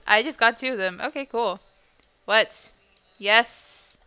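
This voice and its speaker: A woman's voice: on the high side, animated, slow pace, pushed and bright, smooth, no echo, faint music behind. Laughing, swearing woman streamer. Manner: laughs often, swears and trash-talks teammates. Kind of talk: casual gameplay streaming. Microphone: laptop microphone.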